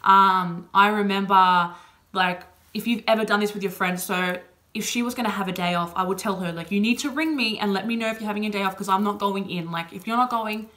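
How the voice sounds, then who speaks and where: A woman's voice: medium pitch, brisk, bright, forceful tone. A young woman answering personal questions in a casual, open video chat, full of "like" and "you know". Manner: chatty, heavy on "like" and "you know" fillers; open and emotional. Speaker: vlogger.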